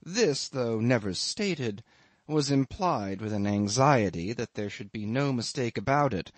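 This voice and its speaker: A man reading a classic novel aloud as an audiobook narrator, in a measured, unhurried literary manner. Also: mid-range voice, lively intonation, no room sound. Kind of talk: scripted narration.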